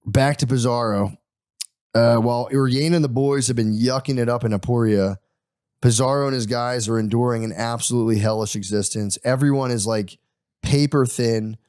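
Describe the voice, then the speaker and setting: A man's voice: mid-range voice, normal speed, a little mellow, dry recording, studio quality. A young man hosting a podcast, casually retelling a history story with crude humor and voiced quotes.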